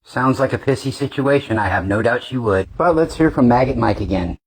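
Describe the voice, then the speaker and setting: A man's voice: mid-range voice, expressive, brisk, slightly rough. A man hosting political reaction commentary, mocking and sarcastic, with frequent swearing. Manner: sarcastic, mocking, profane rants.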